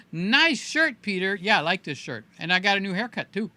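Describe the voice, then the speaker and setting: Playful bright-voiced man hosting a livestream. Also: high voice, big pitch swings, brisk, hardly any pauses, no room sound. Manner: playful, chatty, talks to viewers by name. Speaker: livestream host. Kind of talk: casual livestream chat.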